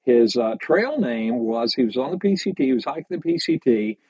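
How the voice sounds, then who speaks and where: An older man, a podcast guest, telling hiking stories in a halting, unhurried way during a casual interview. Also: medium pitch, expressive, a little mellow, husky, no room sound. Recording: slightly dull lo-fi sound.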